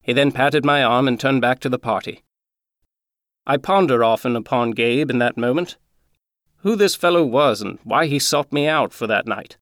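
A man reading a Christmas story aloud in a measured, earnest way. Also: medium pitch, fairly bright tone, no room sound, studio quality.

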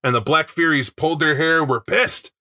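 A man co-hosting a casual chat about a game book, animated and given to acting out quotes in put-on voices. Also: a little high, moderate pace. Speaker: podcast co-host discussing a tabletop game book.

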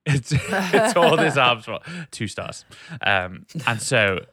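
A man's voice: medium pitch, big pitch swings, slow pace, bright, forceful tone, no room sound. A man hosting a casual podcast chat, playful and teasing, laughing often. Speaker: podcast host.

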